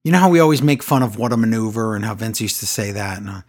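A man co-hosting a casual wrestling recap podcast, talking in an animated way and acting out quotes in exaggerated voices. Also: fairly low pitch, rapid-fire, breathy edge.

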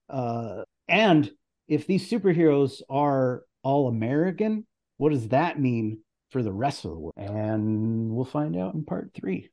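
A man's voice: mid-range voice, animated, unhurried, darkish tone. A man in casual podcast chat, rambling through a topic, swearing and laughing as he goes. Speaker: guest presenter.

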